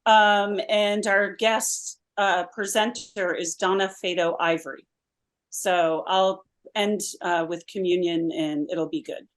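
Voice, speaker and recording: A woman's voice: fairly low pitch, steady tone. A woman pastor on a church podcast, chatting playfully and laughing easily. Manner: playful, giggly, quick reactions. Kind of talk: casual chat.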